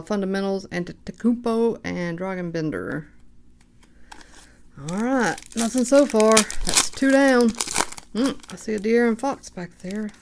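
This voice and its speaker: Slow-talking woman opening card packs. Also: mid-range voice, creaky, slight background noise. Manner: unhurried, reads names aloud, bursts of excitement. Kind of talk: casual card-breaking commentary.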